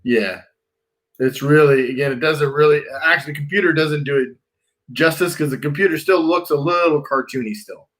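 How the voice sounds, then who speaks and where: A man's voice: fairly high pitch, brisk, fairly bright tone. A man working as a pool designer, talking casually and reassuringly with clients about a backyard plan.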